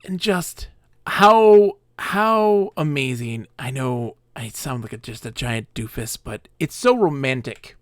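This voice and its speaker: Game streamer, male, slow-talking and excitable, dry close sound, keyboard clicks behind. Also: mid-range voice, no echo. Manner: enthusiastic, rambling, laughs often. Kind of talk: live game stream commentary.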